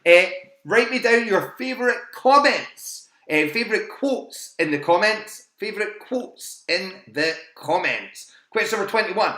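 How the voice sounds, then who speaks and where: Quiz host, male, bright forceful voice a touch high, chatty and quick to laugh, recorded in an echoey room at home. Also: expressive. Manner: chatty, repeats questions and options, laughs often. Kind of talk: live-streamed pub quiz hosting.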